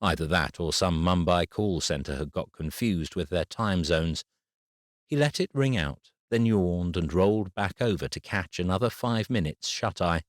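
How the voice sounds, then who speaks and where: A man with a very deep voice narrates an audiobook. His storytelling is steady and even. The recording is close and dry, with no room sound. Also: normal speed, dry recording. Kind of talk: scripted narration.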